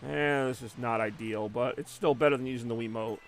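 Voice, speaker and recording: A man's voice: medium pitch, steady tone, fairly quick, faint music behind. A young man chatting casually and rambling while he plays a video game on a live stream. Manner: rambling, conversational, many fillers.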